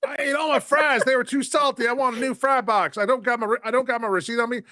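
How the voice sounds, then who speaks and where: A man voicing a demanding, entitled woman customer in a shrill, whiny voice. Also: steady tone, fast talker, bright, forceful tone.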